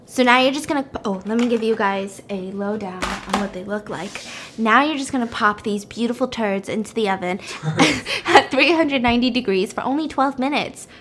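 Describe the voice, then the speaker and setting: Young female host, high-pitched, animated casual storyteller. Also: normal speed, slight background noise. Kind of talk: casual chat while baking.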